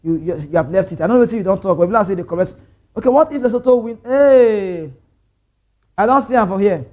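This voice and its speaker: A man's voice: sits high, very fast. A young Nigerian man with a Nigerian accent, hosting a casual football talk stream, chatting and reading out viewer comments, slipping into pidgin. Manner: chatty, animated, drifts into pidgin. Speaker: sports show host.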